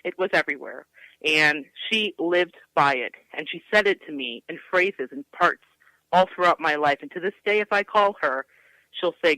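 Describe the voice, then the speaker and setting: An American woman hosting a radio talk show, telling a personal story in an expressive, animated way and then reading a poem aloud. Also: sits low, normal speed, dry recording, poor audio. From United States.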